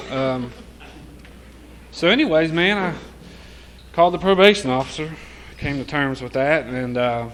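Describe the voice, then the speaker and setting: A man's voice: medium pitch, fairly bright tone, a little hiss or hum. A man sharing his recovery story in casual, profane storytelling, often laughing as he talks.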